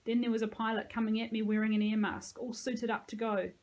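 A woman's voice: on the high side, level tone, a little fast, darkish tone, low-quality recording. Woman reading a novel aloud. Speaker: teacher reading a class novel.

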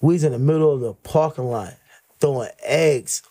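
A middle-aged man, a podcast guest, telling road stories in an animated way, laughing and switching into the voices of the people he quotes. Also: mid-range voice, moderate pace, dry recording. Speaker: podcast guest, former streetball player. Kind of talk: animated storytelling.

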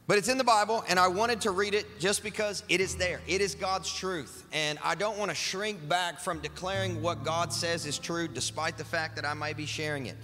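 A man preaching in a church hall, his high, bright voice carrying with long reverb around it. He moves between emphatic declarations and loose, chatty asides, and soft music sits faintly underneath. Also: fairly even intonation, normal speed, few pauses. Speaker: pastor. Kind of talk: sermon.

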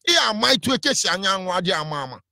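A man's voice: sits high, sing-song, a little fast, creaky, sharp tone, no room sound, studio quality. Fiery Nigerian man preaching on radio. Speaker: radio broadcaster. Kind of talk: impassioned radio sermon.

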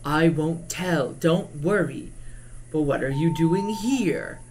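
A drag queen streamer voicing an ancient, creepy old man in a video game, with a slow, quiet, creaky delivery. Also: a little high, slight background noise.

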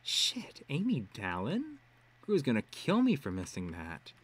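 A man's voice: medium pitch, very animated, fairly quick, natural voice. A man voicing a smug, mocking teenage girl villain in a read-aloud web serial. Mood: chatty. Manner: teasing, mocking.

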